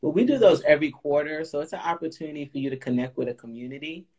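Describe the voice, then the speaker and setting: Husky host, live online Q&A, encouraging, affirming, promotional, mid pitch. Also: fast, warm tone. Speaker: host of a wellness Q&A.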